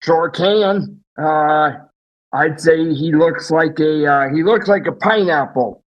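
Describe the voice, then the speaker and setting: A man playing an odd, deadpan exotic animal handler who is a guest on a comedy podcast, talking in a fussy, apologetic way. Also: a little high, slow, dull audio.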